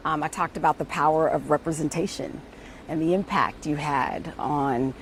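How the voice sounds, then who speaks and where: A woman's voice: sits low, steady tone, moderate pace, slight background noise. A woman from Kansas interviewing a guest in an upbeat, chatty and eager way. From Kansas, USA. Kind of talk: casual interview.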